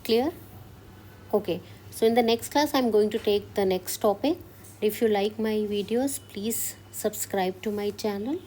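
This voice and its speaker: A woman teaching French step by step and often checking with "Clear?", switching between English and Hindi. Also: mid-range voice, a little slow, mellow, slight background noise. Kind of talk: classroom-style language lesson.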